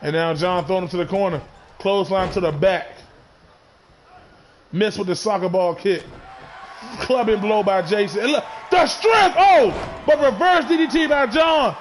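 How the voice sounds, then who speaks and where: Guy with a really high voice yelling wrestling play by play, excitable, faint noise behind. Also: normal speed. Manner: excitable, shouting calls, frequent restarts. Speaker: wrestling commentator. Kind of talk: play-by-play commentary.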